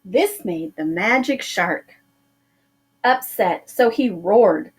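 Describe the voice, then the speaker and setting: A woman teacher narrating a children's storybook aloud, slow and expressive. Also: mid-range voice, slightly rough.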